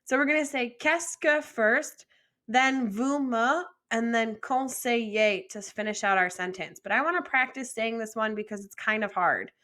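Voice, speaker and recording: A young adult woman teaching French vocabulary in a patient, encouraging lesson, modeling pronunciation slowly and asking learners to repeat. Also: on the high side, fairly bright tone. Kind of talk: slow, deliberate vocabulary lesson with repeat-after-me drills.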